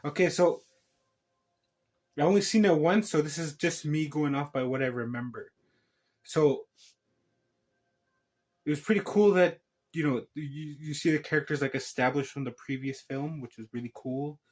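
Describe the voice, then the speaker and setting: A man's voice: fairly high pitch, normal speed, pauses often. A man talking casually and rambling through a film review, stopping himself with joking asides and restarts. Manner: meandering, self-interrupting, joking asides. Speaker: channel host reviewing a film.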